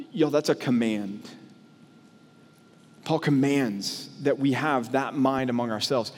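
A man's voice: medium pitch, unhurried, in a large hall. A man pastor preaching an earnest, emphatic sermon in a church.

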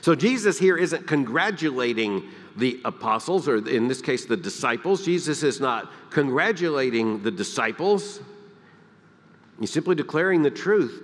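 A man from the Deep South, preaching a sermon, emphatic and swinging between loud peaks and hushed, quiet lines. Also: very animated, moderate pace, in a large hall. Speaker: pastor. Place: church sanctuary.

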